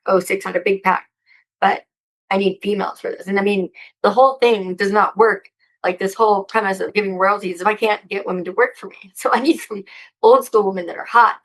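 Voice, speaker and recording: Excitable, profane woman with a gravelly voice. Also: mid-range voice, rough recording. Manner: excitable, profane, rambling with frequent laughs. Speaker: interview guest. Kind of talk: casual interview chat.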